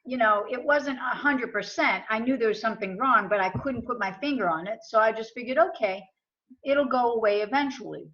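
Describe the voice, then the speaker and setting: An American woman, an interview guest, tells a personal story in a casual way, acting out the voices of the people in it. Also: on the high side. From USA. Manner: animated retelling with quoted dialogue. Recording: muffled lo-fi audio.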